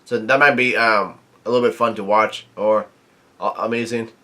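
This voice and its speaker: Halting man reading a comic aloud. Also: lowish voice, steady tone, pushed and bright. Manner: halting reading, quotes dialogue without acting it. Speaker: manga reviewer.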